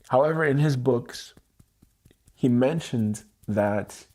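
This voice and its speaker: Male livestream host with a mellow, gravelly voice, reflective and open. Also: medium pitch. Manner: slow, candid, searching self-reflection. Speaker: EFT tapping livestream host. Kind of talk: personal reflective livestream talk. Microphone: livestream mic.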